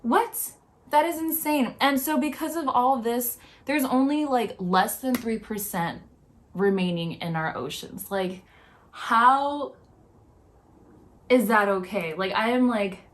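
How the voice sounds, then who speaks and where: A woman's voice: on the high side, takes it slowly. A young woman vlogging her reaction, talking in an upset, rambling way with many filler words. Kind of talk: emotional reaction commentary.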